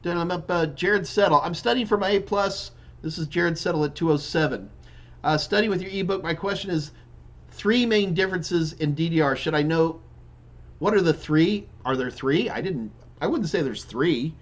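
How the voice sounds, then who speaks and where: A man's voice: fairly high pitch, normal speed. Chatty man hosting a live tech Q&A. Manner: loose and chatty, with frequent restarts and fillers. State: yawning repeatedly. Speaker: live Q&A host and IT trainer. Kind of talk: casual live-stream Q&A, reading viewer questions.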